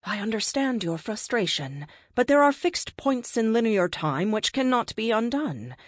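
A woman voicing a calm, cryptic ancient cosmic being in a science fiction story, speaking in terse, measured pronouncements. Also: fairly high pitch, dry recording, clean studio sound, voice pushed up. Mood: explaining. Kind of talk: audiobook character reading.

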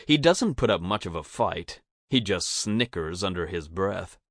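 A man narrating a first-person audiobook in a steady, even storytelling manner on a close mic. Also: low voice, a little slow, no echo.

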